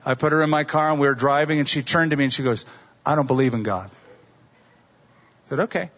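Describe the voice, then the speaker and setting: A man's voice: medium pitch, fairly quick, fairly bright tone, muffled recording. A middle-aged male pastor preaching a sermon, telling stories and acting out the quotes of the people in them. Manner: storytelling with acted-out quotes.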